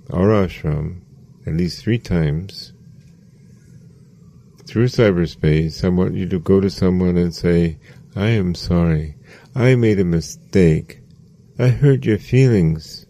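A man giving a sermon as a spiritual teacher, slow and measured, repeating phrases for emphasis. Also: deep voice, warm tone.

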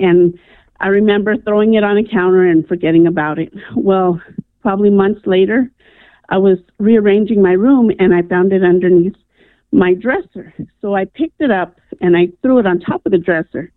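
A woman's voice: medium pitch, no echo. A woman calling in to a radio show and earnestly telling a personal story, with lots of "um" and "I'm like.". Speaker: radio caller. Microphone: telephone. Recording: tinny phone line, dry.

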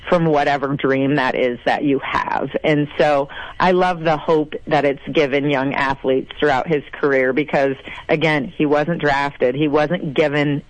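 A woman from South Dakota, a mayor, telling stories in a casual interview with animated, gushing energy. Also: unhurried, poor audio. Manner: animated, gushing, acts out quotes in a higher voice.

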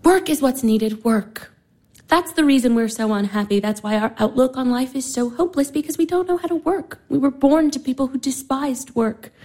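A woman's voice: high-pitched, moderate pace, darkish tone. An actress playing a wistful, yearning young woman. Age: young adult. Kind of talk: stage-play radio acting.

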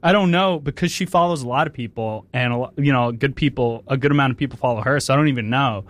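A man's voice: medium pitch, fast, fairly bright tone, slight background noise. A young man co-hosting a radio show, rambling and self-mocking with lots of fillers. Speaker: radio co-host. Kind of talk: casual chat.

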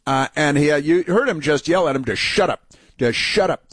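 A man's voice: on the high side, expressive, normal speed, husky, dry recording. A man hosting a political talk show, commenting with mocking, combative asides and many fillers. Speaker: radio talk host. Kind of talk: political commentary over played clips.

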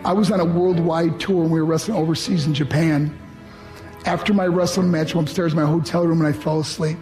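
A man's voice: fairly high pitch, steady tone, quick pace, darkish tone. A man from New York giving an emotional motivational speech to students, telling his story earnestly and acting out the voices he quotes. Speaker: motivational speaker. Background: background music.

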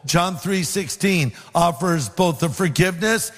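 A middle-aged pastor preaches earnestly, slowing to stress each verse. His voice sits high for a man. The church hall adds a long reverb, with faint music behind him. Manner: earnest, slows to stress scripture. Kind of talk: sermon.

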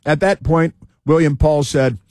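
A man's voice: on the high side, a little slow, darkish tone, no room sound, studio quality. A man hosting political commentary, reading news aloud with sarcastic asides, fillers and restarts.

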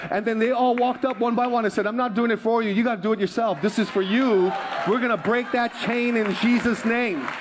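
A pastor with a fairly high voice preaches from a church stage. He tells his story in a loose, conversational way, full of asides and quick laughs. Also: fairly even intonation, background noise. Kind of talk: sermon. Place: church sanctuary.

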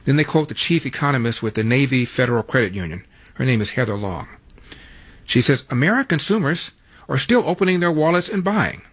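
A man's voice: mid-range voice, sing-song, brisk, a bit bright, slightly rough. A man hosting a talk radio show in a studio, rattling through headlines with wry, sarcastic asides. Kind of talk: talk radio news rundown and monologue.

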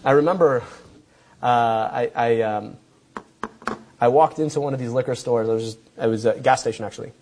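A man's voice: medium pitch, normal speed, pauses often, darkish tone, slight background noise. A man telling a comic personal anecdote, acting out both sides of the dialogue and laughing along. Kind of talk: stand-up style anecdote.

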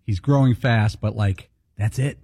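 A man's voice: fairly low pitch, a little slow, mellow, husky, no room sound, clean studio sound. A man chiming in on a sports radio show, offhand and musing. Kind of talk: casual radio banter.

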